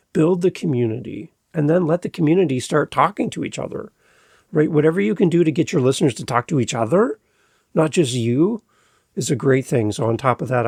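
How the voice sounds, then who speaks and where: A man hosting a podcast, talking in an energetic, motivational way and telling stories from his own shows. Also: fairly high pitch, gravelly, husky, no room sound, clean studio sound. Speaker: podcast host and coach. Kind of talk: casual podcast conversation.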